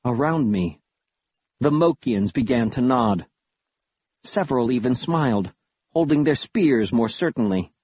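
A man reading a first-person audiobook with a wry, dramatic, lively delivery. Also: medium pitch, unhurried, long pauses, breathy edge, dry recording. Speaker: audiobook narrator. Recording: dull lo-fi audio.

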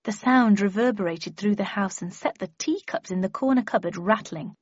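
A woman narrating a story in the first person in an even, wry manner. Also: medium pitch, normal speed, slightly rough, no room sound, highs cut off. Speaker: audiobook narrator.

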